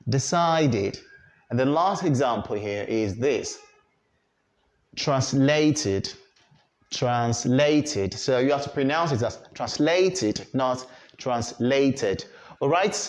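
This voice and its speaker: A man teaching English pronunciation in an online lesson, speaking slowly and deliberately and repeating each word for learners to copy. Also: mid-range voice. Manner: slow and deliberate, repeating words for students to copy.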